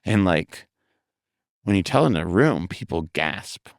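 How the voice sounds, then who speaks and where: A man from the United States, a comedian guest in a casual interview, talking quickly with many fillers and some swearing. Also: sits low, lively intonation, creaky, no echo, studio quality.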